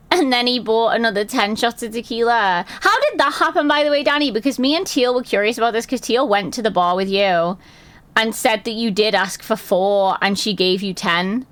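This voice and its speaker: Woman, casual streamer chat, rambling storyteller, slightly high voice. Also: a bit bright. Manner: chatty storytelling, frequent swearing and laughter.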